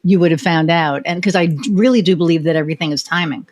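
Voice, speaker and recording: A woman's voice: on the low side, fast talker, darkish tone. Candid American woman hosting a podcast. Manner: candid storyteller who swears freely. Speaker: podcast host. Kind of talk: casual interview chat.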